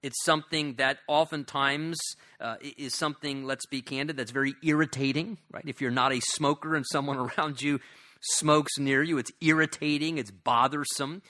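Earnest bright-voiced male preacher. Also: fairly high pitch, steady tone, normal speed. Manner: earnest, conversational preaching with repeated restarts. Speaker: pastor. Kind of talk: sermon.

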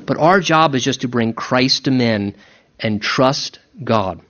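A man preaching a sermon as pastor, emphatic and animated, with mock-voiced asides. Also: medium pitch, takes it slowly, dull audio.

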